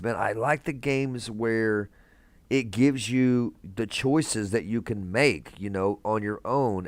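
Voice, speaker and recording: A man's voice: on the low side, dry recording. A young man hosting a casual live stream from a hospital room, chatting laid-back with viewers and calling them man and brother.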